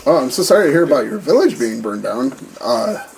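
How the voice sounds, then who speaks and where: A man's voice: mid-range voice, big pitch swings, brisk, creaky, a little hiss or hum, rough recording. A man playing a tabletop game, chatting playfully and speaking as his character. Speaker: player.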